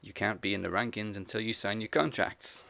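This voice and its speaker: A man's voice: fairly low pitch, steady tone, fairly quick, gravelly, pushed and bright. A man co-hosting a wrestling podcast, recapping events in a laid-back casual chat full of fillers. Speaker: podcast co-host.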